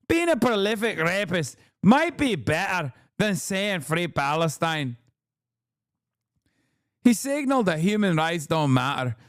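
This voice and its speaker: A man doing a mocking impression of an indignant middle-aged woman pundit, speaking slowly and drawing out every outraged phrase. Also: high-pitched, a bit bright, clean tone, no echo, studio quality, exaggerated voice. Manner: slow, drawn-out, outraged. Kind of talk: mocking impression during stream.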